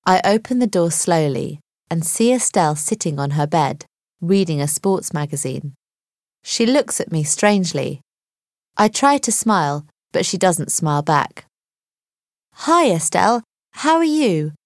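Woman audiobook narrator, slightly low voice, measured first-person reading, dry close mic. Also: expressive, no echo. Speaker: audiobook reader.

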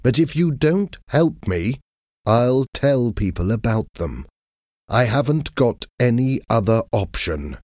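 A man's voice: medium pitch, big pitch swings, slow, darkish tone, no room sound, clean studio sound, pitched above the performer's own voice. A man voicing a desperate young man who pleads and then threatens, in a storybook reading. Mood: threatening. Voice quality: pleading, urgent.

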